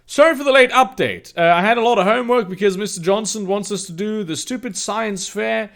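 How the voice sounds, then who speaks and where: A man with a high, gravelly, slightly bright voice speaks fairly quickly as he gives a mocking, dramatic comedic reading of fan fiction. He keeps stopping to throw in sarcastic, incredulous commentary.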